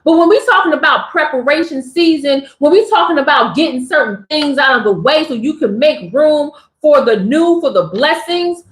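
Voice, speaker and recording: A high-voiced woman hosts a spiritual livestream. She preaches to her chat in animated, slangy talk. Her voice rings in a roomy, echoey space. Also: normal speed, few pauses.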